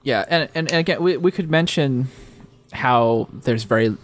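Man, podcast co-host, mid pitch, eager, rambling, chuckles. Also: normal speed. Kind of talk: casual chat.

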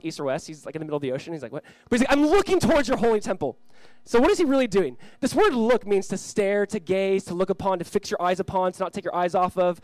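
Guy pastor preaching, bit high voice, dry close sound, goes loud then real quiet and pleading. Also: dry recording. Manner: earnest, swings from loud emphasis to hushed pleading; reads scripture aloud slowly. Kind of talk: sermon.

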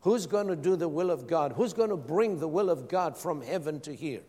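Male pastor preaching, asks the church questions, a bit high pitched, big echoey hall. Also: animated, normal speed, mellow, husky. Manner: preaching with calls to the congregation. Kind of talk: sermon. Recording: long hall reverb.

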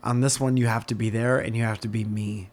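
Rambling low-voiced male comedian. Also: level tone, a little fast, darkish tone, slight background noise. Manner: rambling, self-amused storyteller. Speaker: comedian podcast co-host. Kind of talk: casual comedy podcast banter.

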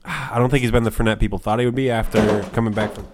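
Man, podcast co-host, casual banter, swears a lot, mid pitch. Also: fairly even intonation, fast talker. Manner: loose, joking, swears a lot. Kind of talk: casual banter about fantasy football.

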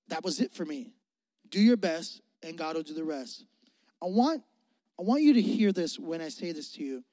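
A man preaching to a youth group in a high, bright-leaning voice. He repeats his key lines with conviction, sometimes loud, sometimes hushed. The voice is close and dry, but a long hall reverb trails behind it. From Mississippi. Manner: earnest, repetitive, swings between loud emphasis and hushed intimacy. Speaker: youth pastor. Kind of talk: youth sermon.

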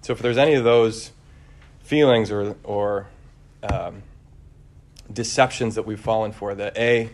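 Low-voiced man giving a conversational homily. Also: unhurried. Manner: relaxed, searching, frequent fillers and restarts. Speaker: preacher.

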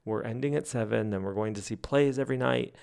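A man hosting a fan podcast, telling stories and chatting in a gossipy, animated way that breaks into laughs. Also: medium pitch, fast, gravelly, clear, resonant tone. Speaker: podcast host. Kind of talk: casual chat.

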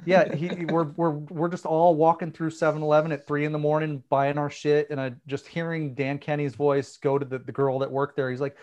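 A man telling an animated tour story in casual chat, swearing and acting out what people said. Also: on the high side, brisk, few pauses, muffled recording.

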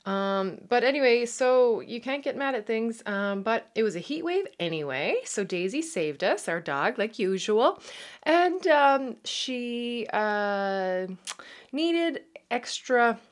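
A woman's voice: fairly high pitch, big pitch swings, slow. A woman in her thirties with a Newfoundland accent, hosting her podcast in a chatty, rambling way full of fillers and restarts. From Newfoundland, Canada. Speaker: podcast host. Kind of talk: casual chat.

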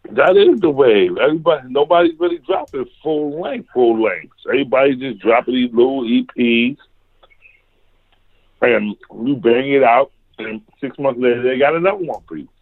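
A man's voice: medium pitch, expressive, moderate pace, dry recording. A man from Harlem with a New York accent, chatting casually and telling stories in slang. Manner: laid-back, slangy storytelling. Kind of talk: casual chat. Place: home basement. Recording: tinny phone-like line.

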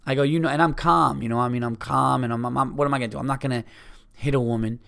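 A man's voice: medium pitch, steady tone, fast talker, gravelly, a bit bright. A man hosting a podcast, telling a profane, heated, rambling story in casual chat. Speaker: podcast host.

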